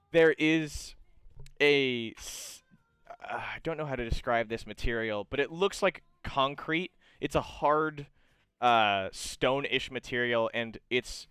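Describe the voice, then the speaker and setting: Male game master, improvised halting narration, smooth voice, dry close recording. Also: medium pitch, fairly bright tone, no echo. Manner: halting, full of fillers and restarts.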